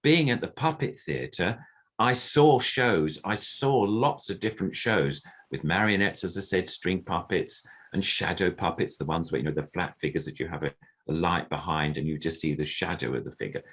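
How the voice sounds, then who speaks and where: Deep-voiced older man explaining puppetry. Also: moderate pace, a bit bright, breathy edge. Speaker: puppeteer guest. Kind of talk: explanatory interview answers. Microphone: computer video call.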